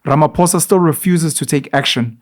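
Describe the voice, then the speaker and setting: Higher-voiced man hosting. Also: brisk. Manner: questioning, reads search results aloud. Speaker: podcast host. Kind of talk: casual conversational interview.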